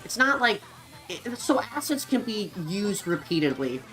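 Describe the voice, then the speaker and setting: A young woman with a medium-pitched voice streams a game and chats casually with her viewers, speaking unhurriedly over soft background music. The audio is poor, and her talk is rambling, lively, and packed with fillers.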